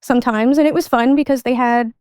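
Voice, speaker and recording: A woman's voice: a little high, fairly even intonation, brisk, darkish tone, clear, resonant tone, no room sound, studio quality. A woman guest recounting her childhood in casual conversational speech, with lots of "like" fillers. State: adult. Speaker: podcast guest. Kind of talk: personal storytelling.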